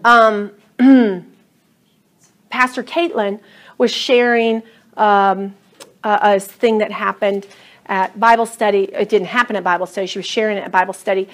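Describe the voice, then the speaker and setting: A woman teaching a Bible class, telling stories and reading scripture in an animated, emphatic way. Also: medium pitch.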